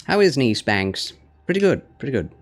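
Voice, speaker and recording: A tired young man gently chatting with viewers while streaming a game, soft-spoken and reading chat. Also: mid-range voice, sing-song, moderate pace. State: fatigued. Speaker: gaming streamer. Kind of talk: live gaming stream chat.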